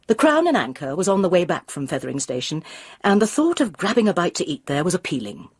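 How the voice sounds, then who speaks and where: A woman reading a mystery novel aloud in measured, expressive narration, close to the mic. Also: on the low side, slightly rough, no room sound. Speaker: audiobook reader.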